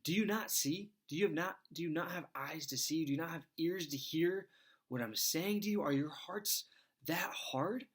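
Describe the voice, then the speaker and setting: A man's voice: a little high, moderate pace, husky, pitched above the performer's own voice. A man voicing an exasperated adult teacher who pelts his followers with incredulous questions.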